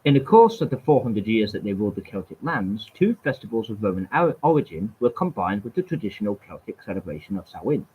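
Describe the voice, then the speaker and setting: A man's voice: fairly low pitch, sing-song, fast talker, hardly any pauses, husky. A man reading history aloud from webpages, stumbling and repeating words, with wry casual asides. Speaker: channel host. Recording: tinny phone-like sound.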